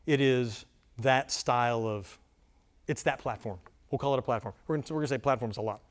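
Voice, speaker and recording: A man leading a live filmmaking workshop for an audience, talking in a rambling, self-deprecating, animated way. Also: medium pitch, fairly quick. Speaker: workshop presenter. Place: conference room before a live audience.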